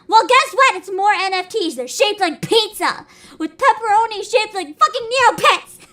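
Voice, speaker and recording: A young adult woman streaming live, ranting loudly with swearing and laughter while greeting her chat. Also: very high voice, lively intonation, moderate pace. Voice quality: avatar anime streamer voice. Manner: loud, laughing, swearing rants.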